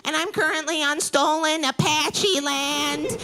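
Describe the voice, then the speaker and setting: A woman's voice: sits high, measured pace, sharp tone, slight background noise, voice pushed up, full character voice. Woman putting on a solemn, over-earnest young woman. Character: earnest self-flagellating young woman on a video call.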